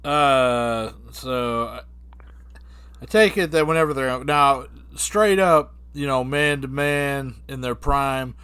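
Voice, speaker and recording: A man co-hosting a podcast, telling a rambling, profane comic story in an animated way. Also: mid-range voice, slow, clear, resonant tone, no room sound. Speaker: podcast co-host. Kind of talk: comedic storytelling.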